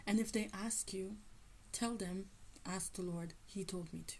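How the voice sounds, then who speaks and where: A woman's voice: mid-range voice, steady tone, unhurried, a little hiss or hum, close to an everyday voice. A woman voicing a stern, angry divine father. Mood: firm. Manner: firm, scolding, protective.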